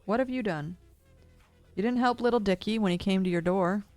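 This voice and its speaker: A woman's voice: mid-range voice, fairly quick, a little mellow, no echo, faint music behind. A woman in a ranting monologue at home, agitated and accusatory, swearing constantly, into a studio dynamic mic. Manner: agitated, heavy cursing, accusatory. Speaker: streamer.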